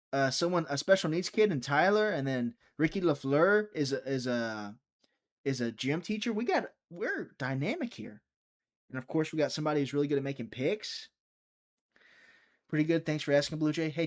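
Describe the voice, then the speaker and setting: A man's voice: a little high, big pitch swings, moderate pace. A young man hosting a live fight-watching stream, chatty and teasing, reading viewer chat aloud.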